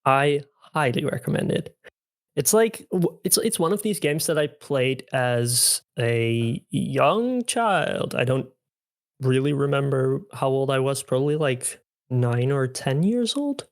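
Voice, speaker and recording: A man's voice: mid-range voice, very animated, takes it slowly, dry recording, studio quality. A young man chatting on a podcast as returning guest host, rambling with many fillers. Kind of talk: casual podcast chat.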